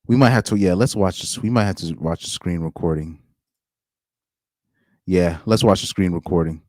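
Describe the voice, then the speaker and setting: Low-voiced man reacting to posts. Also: moderate pace, a little mellow, no echo, studio quality. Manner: reads posts aloud, incredulous, trailing restarts. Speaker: commentary streamer. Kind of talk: casual reaction commentary.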